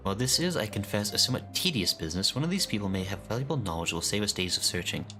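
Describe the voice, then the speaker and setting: A man voicing an earnest young male scholar who speaks in formal, measured phrases. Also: on the low side, animated, pushed and bright, soft background music.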